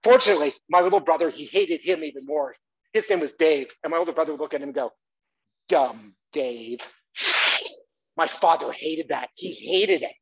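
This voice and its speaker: Animated man performing a comic stage monologue. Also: fairly high pitch, fast talker, husky, lo-fi sound. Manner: animated, playful, bursts into loud shouts. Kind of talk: comic autobiographical monologue with audience participation. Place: theatre stage.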